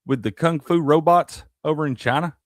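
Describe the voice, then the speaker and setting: A man's voice: on the high side, moderate pace, no room sound, clean studio sound. A man co-hosting a sports talk show, chatting casually with easygoing, joking reactions. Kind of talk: casual chat.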